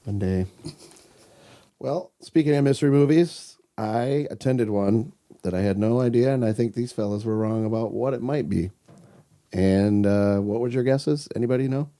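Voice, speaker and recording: A man with a very dark, mellow voice chats casually as a movie podcast co-host. He sounds enthusiastic, swears freely and often breaks into laughs. His pitch sits in an ordinary middle range. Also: moderate pace. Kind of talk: casual movie recommendation chat.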